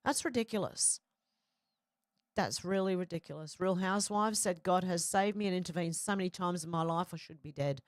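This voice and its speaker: Middle-aged woman, chatty host, reads viewer comments, laughs often, lowish voice, dry close sound. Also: moderate pace, no echo. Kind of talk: casual live chat.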